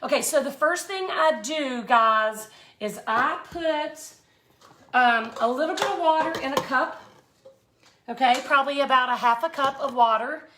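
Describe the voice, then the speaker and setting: A woman's voice: sits high, a little slow, bright, forceful tone. A middle-aged woman hosting a live craft tutorial, chatty and folksy, greeting viewers by name as she works. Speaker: art tutorial host.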